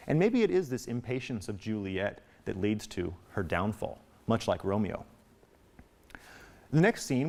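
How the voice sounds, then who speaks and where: A man teaching a recorded literature lesson in a chatty, lively way. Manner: reads quotes aloud in a high put-on voice.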